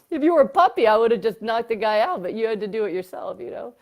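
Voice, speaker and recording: A woman psychiatrist, a guest in a casual interview, telling stories in an animated way with lots of fillers and bursts of laughter. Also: a little high, fast talker, few pauses.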